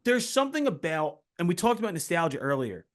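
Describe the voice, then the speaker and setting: Man, high voice, very lively, excitable host, swears a lot, casual chat. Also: quick pace. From Philadelphia area. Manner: excitable, swears freely, jumps in often. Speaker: podcast host.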